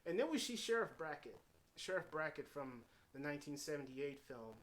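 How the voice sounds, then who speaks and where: Male movie reviewer, slightly higher voice, loose rambling delivery full of fillers. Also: big pitch swings, normal speed, a bit bright. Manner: rambling, heavy on fillers and restarts; retells scenes in paraphrased quotes. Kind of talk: casual unscripted film review.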